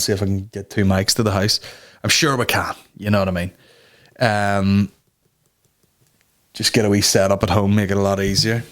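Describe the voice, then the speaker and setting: A man hosting a comedy podcast, ranting casually with lots of swearing and rambling asides. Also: on the low side. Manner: sweary, rambling, slips into mock voices. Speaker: podcast host.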